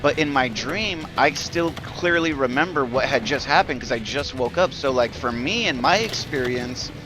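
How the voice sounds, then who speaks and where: A male game streamer chats loosely and profanely, piling up fillers and restarts as he tells his story. His voice sits at an ordinary middle pitch, and faint music plays underneath. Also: expressive, normal speed. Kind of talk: casual storytelling while live-streaming a game.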